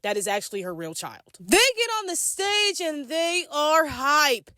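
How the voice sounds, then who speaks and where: A woman's voice: sits high, sing-song, a little slow, bright, forceful tone, dry recording, studio quality. A woman giving a casual, sassy and slangy recap commentary of a reality show episode. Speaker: commentary vlogger.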